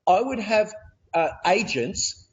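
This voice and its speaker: A man with an Australian accent, a real estate coach telling stories as a guest on a video call, energetic and laughing as he goes. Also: sits high, slow, highs cut off. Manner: energetic, laughing, repeats words. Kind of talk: animated storytelling.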